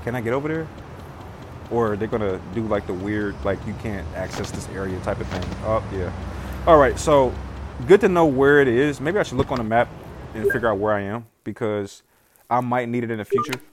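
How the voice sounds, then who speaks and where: A man's voice: fairly low pitch, a little fast, noisy background. A man in his thirties giving casual gameplay commentary, often exclaiming and laughing and talking to himself as he plays. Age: 30s. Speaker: gaming video host. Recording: loud game sounds behind voice.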